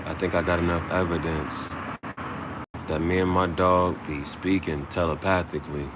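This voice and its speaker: A man's voice: low voice, little pitch movement, moderate pace, heavy background noise. A man freestyling a loose, swaggering, profane rhyming monologue as host.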